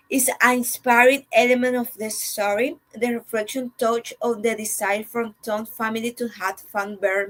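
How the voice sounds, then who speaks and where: A woman's voice: fairly high pitch, poor audio. A woman, a student, reading a prepared reflection on a novel aloud to her class, with hesitations and small slips. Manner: reads a written text with hesitations and small slips. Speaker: student presenter.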